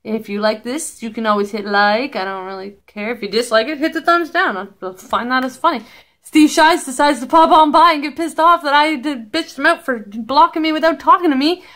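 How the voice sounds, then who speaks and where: Woman vlogger, high-pitched, blunt, sweary, sarcastic. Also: fairly quick, a bit bright. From Canada. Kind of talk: casual vlog commentary.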